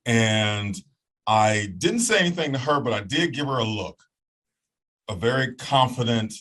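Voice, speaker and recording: A lively man with a husky, medium-pitched voice gives a personal testimony as a guest, telling it as animated storytelling at a measured pace. He acts out voices and sounds and checks in with "okay?", though the recording quality is low.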